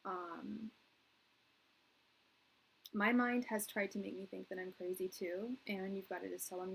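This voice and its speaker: A woman's voice: mid-range voice, fairly even intonation, a little slow, vocal fry, long pauses, slight background noise, rough recording. Rambling woman in her thirties reading tarot. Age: 30s. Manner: rambling, earnest, heavy use of "like" and restarts. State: tearing up. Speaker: tarot reader. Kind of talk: live-stream tarot reading.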